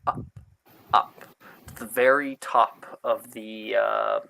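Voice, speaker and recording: Slow, halting man running a tabletop game. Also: lowish voice, steady tone, creaky, bright, forceful tone, slight background noise. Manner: slow, halting narration with many fillers and laughs. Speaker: game master.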